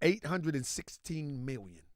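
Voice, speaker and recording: A man's voice: fairly high pitch, sing-song, a little slow, darkish tone, no echo, studio quality. A man hosting a casual commentary vlog, hyped and emphatic, repeating his points. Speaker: host.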